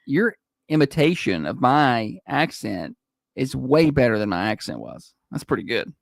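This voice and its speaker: A man co-hosting morning radio, joking and teasing in a relaxed, chatty way. His mid-range voice rises and falls a lot. He sounds close and dry on a studio mic. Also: medium pitch, measured pace, gravelly, no echo. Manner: teasing, playful, often laughing. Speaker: radio morning show co-host. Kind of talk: casual on-air banter.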